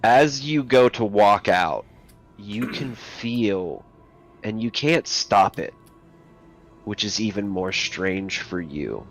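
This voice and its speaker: Slow, gravelly-voiced man narrating a game. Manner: slow, dramatic narration, dropping low and quiet for tension. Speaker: game master.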